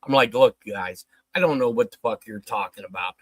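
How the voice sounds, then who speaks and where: A man's voice: lowish voice, fairly quick, no room sound, poor audio. A man casually telling a long story on a livestream, swearing often and acting out the dialogue. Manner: profane, animated retelling with quoted dialogue.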